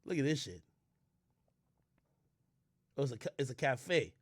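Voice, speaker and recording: A man streaming casual commentary, reading a menu aloud and ranting in loud, profane disbelief. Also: mid-range voice, big pitch swings, a little slow, no echo.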